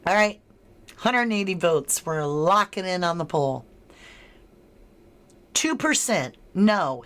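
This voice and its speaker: Slow, chatty woman hosting a livestream. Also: lowish voice. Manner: chatty and unhurried, laughs often, drawn-out words. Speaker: livestream host. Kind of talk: live-stream chat, reading comments and running a poll.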